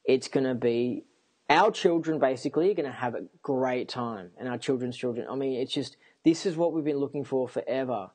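A man talking to camera in a rambling personal monologue, excitable and often repeating himself. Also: medium pitch, fairly quick, slightly rough. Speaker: vlogger.

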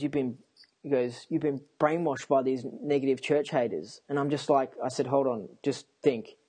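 A man talking to camera in a rambling personal monologue, excitable and often repeating himself. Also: mid-range voice, breathy edge. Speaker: vlogger.

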